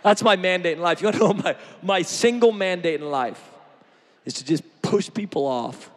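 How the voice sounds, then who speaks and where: Male preacher, fairly high voice, animated and joking, heavy hall reverb. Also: normal speed. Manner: animated, joking, shifts from shouting to quiet. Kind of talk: energetic sermon.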